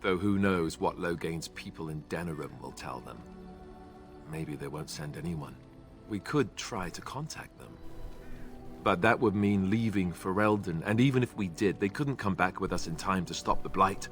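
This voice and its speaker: A man's voice: low voice, normal speed, a bit bright, soft background music. An actor with a British accent playing a young male Grey Warden, a former templar with a dry, self-deprecating and hesitant way of talking. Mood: wry. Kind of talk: video game dialogue.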